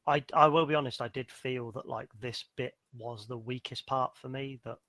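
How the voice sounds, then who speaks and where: A man's voice: mid-range voice, steady tone, moderate pace, sharp tone, no room sound. A man talking casually as the game master in a podcast chat, rambling with many fillers and explaining his design choices.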